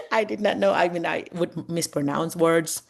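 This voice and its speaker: A woman's voice: on the low side, unhurried, vocal fry. A middle-aged woman, a veteran teacher mentoring new teachers over a video call, chatty and laughing often. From Philippines. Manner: chatty and warm, laughs often, acts out what students say. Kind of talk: Zoom mentoring talk.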